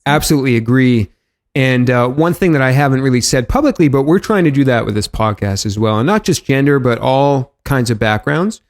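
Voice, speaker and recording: A man's voice: mid-range voice, lively intonation, brisk. Easygoing nasal male podcast host. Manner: easygoing, filler-heavy, thinks aloud. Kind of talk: casual podcast interview.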